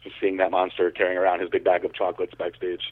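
A man's voice: deep voice, completely flat delivery, fast talker. A man co-hosting a podcast, telling a story in a rambling way with lots of fillers and restarts. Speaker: podcast co-host. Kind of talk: casual storytelling. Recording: phone-like narrow sound.

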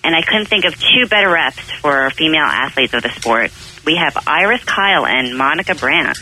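A woman's voice: sits low, lively intonation, normal speed, bright, forceful tone, poor audio. A woman with a Long Island accent, co-hosting a radio talk show in an upbeat, eager way. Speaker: radio co-host. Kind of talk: casual radio chat.

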